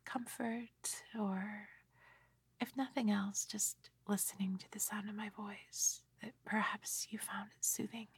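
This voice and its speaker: A tired middle-aged woman in a soft, rambling, gently self-mocking whispered ASMR ramble, close to the microphone. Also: mid-range voice, level tone, a little slow, vocal fry, slightly rough. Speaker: ASMR creator.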